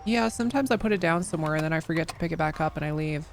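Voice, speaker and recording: An American woman streams while playing a role-play game, chatting casually, rambling, and swearing with lots of fillers. Her voice is deep and rapid-fire with vocal fry, and there's a little hiss or hum.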